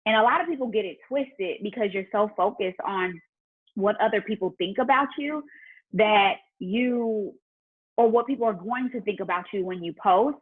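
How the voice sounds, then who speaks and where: A woman with a husky, breathy voice chats openly and warmly about faith and business, speaking straight to her followers. The audio is thin and tinny, like a phone call. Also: mid-range voice, moderate pace. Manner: chatty and faith-driven, talking straight to viewers. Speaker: entrepreneur and business mentor. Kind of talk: casual livestream Q&A chat.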